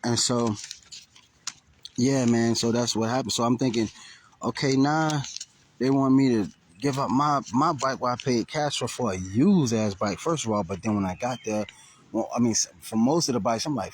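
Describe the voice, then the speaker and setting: A man's voice: mid-range voice, moderate pace, breathy edge. A man telling a rambling, profane story on a casual outdoor livestream. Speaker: vlogger. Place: outdoors, riding around a graveyard.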